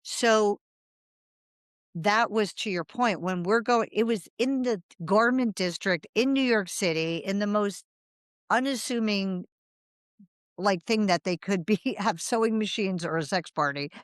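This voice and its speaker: A woman's voice: medium pitch, measured pace, no room sound. A woman in her fifties, a writer, spinning a meandering story as an interview guest. Her voice sits in a middle register and jumps up when she acts out what people said. The recording is close and dry, with no room sound. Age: 50s. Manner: animated, rambling anecdotes with quoted dialogue and laughter.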